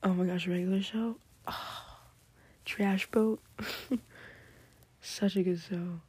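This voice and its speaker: A woman chatting excitedly in a hushed, whispery late-night ramble at home, trying not to be heard. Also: mid-range voice, takes it slowly, slightly rough. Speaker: podcast host.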